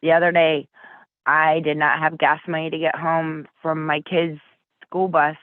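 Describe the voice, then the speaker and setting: A woman's voice: low voice, little pitch movement, unhurried, dry recording. A woman guest telling her story over the phone, blunt and earnest, swearing casually. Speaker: interview guest. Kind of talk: emotional personal storytelling. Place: Flint, Michigan. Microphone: phone call. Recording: tinny phone line.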